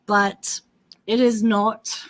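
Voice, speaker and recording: A woman's voice: medium pitch, flat delivery, drawn-out words, fairly bright tone. A woman hosting a casual livestream, chatting about wrestling and greeting viewers by name. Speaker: livestream host. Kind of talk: casual live wrestling commentary and chat.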